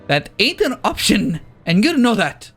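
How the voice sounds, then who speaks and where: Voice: medium pitch, very animated, unhurried, a bit bright, soft background music, full character voice. A video game player voicing a tough, straight-talking woman clan leader with a drawling folksy accent that wanders as the lines go on. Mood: firm. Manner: drawling, uses "ain't". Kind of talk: reading game dialogue aloud in character.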